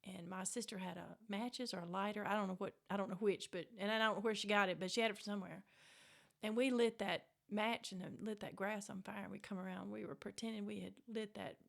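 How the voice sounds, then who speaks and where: Bright Mississippi woman telling stories. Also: mid-range voice, vocal fry. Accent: Southern US, Mississippi. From Mississippi Delta. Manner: animated, acts out quoted voices, laughs often. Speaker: author, guest. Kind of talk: storytelling in casual interview.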